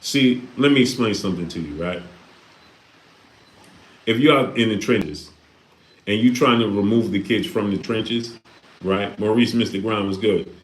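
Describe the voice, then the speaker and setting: Man hosting a livestream, low voice, preachy and repetitive, echoey room. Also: unhurried, pauses often. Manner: preachy, repeats himself, rhetorical questions. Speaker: live stream host reading Super Chats. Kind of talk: casual livestream talk.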